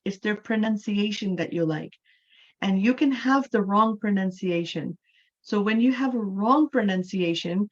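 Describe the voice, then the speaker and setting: A native English-speaking woman from Canada teaches an online English class in a medium-pitched voice, recorded lo-fi. She explains things patiently and often checks in with "right?".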